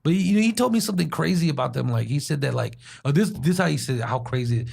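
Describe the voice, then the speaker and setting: A man's voice: fairly high pitch, lively intonation, fast talker, vocal fry, darkish tone, slightly rough. A young man from Washington, D.C., hosting a podcast, telling rambling stories in casual chat with many restarts. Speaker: podcast host.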